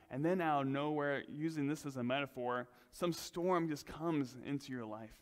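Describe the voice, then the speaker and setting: A male pastor preaching a sermon in a relaxed, conversational way, with self-deprecating asides. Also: on the high side, big-room sound. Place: church sanctuary.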